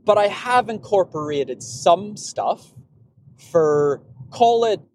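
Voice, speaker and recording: A man's voice: high-pitched, expressive, slow, a little mellow, slight background noise. A man hosting a podcast in a casual, rambling monologue about running, often repeating and restarting words. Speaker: podcast host, runner.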